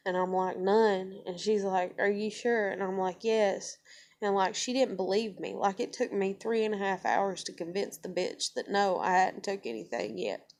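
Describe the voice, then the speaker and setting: A woman's voice: medium pitch, moderate pace, a little mellow. A young woman, telling a personal story to camera in a blunt, profane, conversational way. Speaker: vlogger.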